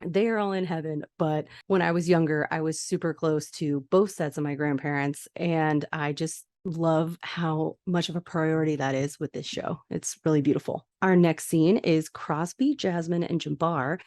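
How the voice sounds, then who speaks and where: A woman's voice: deep voice, fairly even intonation, normal speed, few pauses, darkish tone, no room sound. A woman hosting a podcast, recapping a TV episode in a chatty, enthusiastic and sentimental way. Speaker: podcast host.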